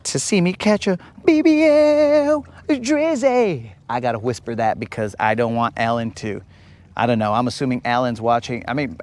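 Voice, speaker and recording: A man hosting a live fishing stream from a boat outdoors, chatting to viewers in a casual, joking, slangy way. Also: mid-range voice. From United States. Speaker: fishing livestream host.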